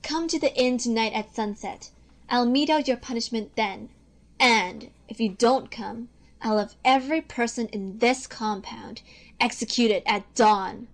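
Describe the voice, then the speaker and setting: An actress playing a haughty young princess who fights, speaking in an imperious, commanding way in a radio play. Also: female voice, on the high side, a little slow.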